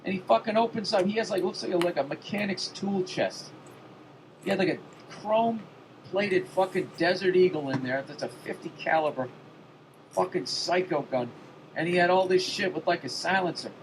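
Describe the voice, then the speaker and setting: A man with a high-pitched voice hosts a podcast, spinning a loose comic tale full of curses at a moderate pace and growing livelier as he goes. Background noise is present throughout.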